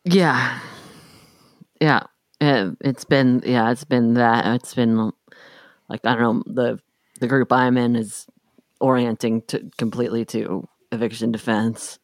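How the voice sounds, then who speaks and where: A young woman co-hosting a podcast, speaking slowly and in an unhurried way, with a wry, offhand tone and frequent laughter. Her voice sounds dry and close, with no room sound behind it. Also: rumbling low, fairly even intonation, no echo. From New York City. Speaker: podcast co-host. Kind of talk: casual chat.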